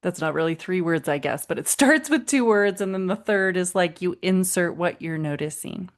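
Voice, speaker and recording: With a voice on the low side and a normal speed, a woman parenting coach runs her solo podcast. Her manner is warm and supportive, and she performs the quoted lines in lively voices.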